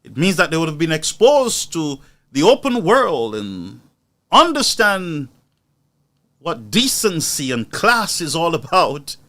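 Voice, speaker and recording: Male host, sharp and mocking, high animated delivery for political commentary. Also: slow. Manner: indignant, mocking, rhetorical.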